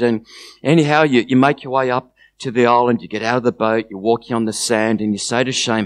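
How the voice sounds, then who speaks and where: Male guest speaker telling a vivid sermon story, animated and engaging. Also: medium pitch, a little fast. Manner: storytelling, animated, with soft restarts. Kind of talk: sermon with guided imagery.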